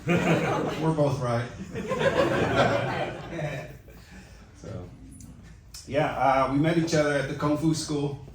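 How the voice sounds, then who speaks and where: A middle-aged man doing a stand-up comedy set, delivering deadpan self-mocking one-liners. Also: fairly high pitch, very slow, pauses often. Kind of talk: open-mic stand-up set. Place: comedy club stage with audience. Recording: echoey club from far off, loud noise. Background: audience laughter.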